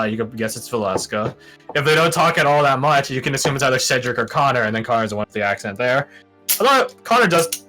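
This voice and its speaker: Man, casual group chat, bright forceful voice, lively pitch, animated, swears a lot. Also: poor audio. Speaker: tabletop role-play player.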